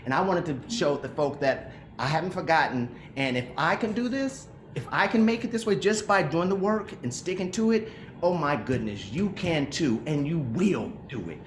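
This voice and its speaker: A man's voice: a little high, animated, moderate pace, echoey room, a little hiss or hum. A middle-aged male actor speaking earnestly and with emotion in an interview over a video call, often restarting his sentences. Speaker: actor, guest. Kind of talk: reflective interview talk. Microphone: remote video call.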